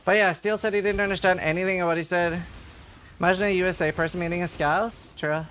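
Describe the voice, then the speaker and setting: A man talks to his live chat during a game stream, joking and answering messages as they come in. His voice sits high and sounds bright and forward. He keeps the tone light and chatty. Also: fairly even intonation, fast, slight background noise. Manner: chatty, jokey, reads and answers chat aloud. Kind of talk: casual chat with live viewers while gaming.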